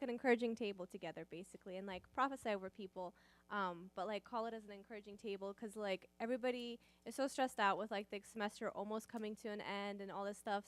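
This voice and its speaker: A woman's voice: mid-range voice, no room sound. Young woman rambling through a testimony. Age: young adult. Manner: casual, rambling, lots of "like" and "um". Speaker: college student sharing testimony. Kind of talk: church testimony.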